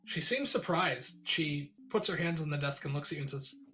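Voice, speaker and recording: Bright-voiced man narrating a tabletop game. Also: on the high side, normal speed. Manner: descriptive, storytelling narration. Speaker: game master. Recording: faint background music.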